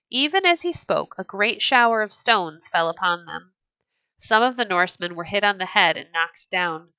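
Rich: A woman reads an old storybook aloud with a gentle, measured delivery. Her voice is bright and clear, and it sits close and dry with no room sound. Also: mid-range voice, expressive, dry recording. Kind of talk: storybook read-aloud narration.

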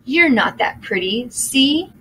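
A woman voicing a bold, quick-witted young girl who talks in an urgent, defiant way. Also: high-pitched, very animated, a bit bright, a little hiss or hum, voice pushed up, exaggerated voice, low-quality recording.

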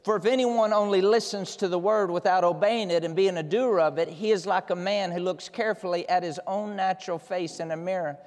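A high-pitched man preaching a sermon, acting out a story and shouting roars as he builds up. His voice rings out with a long reverb, as if in a large church hall. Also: brisk, few pauses. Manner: dramatic storytelling, bursts into roars. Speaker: pastor.

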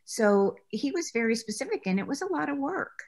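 A woman's voice: sits high, big pitch swings, brisk. A woman guest in an interview, chatty and anecdotal, often laughing as she recalls her acting work. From United States. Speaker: interview guest, former actress. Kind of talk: conversational interview.

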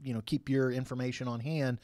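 A man's voice: medium pitch, steady tone, fairly quick, a little mellow, dry recording. A man co-hosting a radio interview, joking and conversational as he asks questions. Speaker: radio co-host. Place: radio studio. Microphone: studio microphone.

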